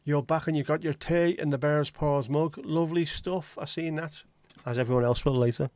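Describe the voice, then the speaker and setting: A man's voice: on the high side, fairly even intonation, normal speed, darkish tone, no echo. A man with a Liverpool accent hosting a casual livestream chat, joking, swearing freely and greeting viewers by name. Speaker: livestream host.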